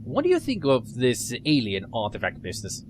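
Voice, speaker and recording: A man voicing a calm, inquisitive male ship's doctor in a video game playthrough. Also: medium pitch, brisk, background noise, pitched below the performer's own voice.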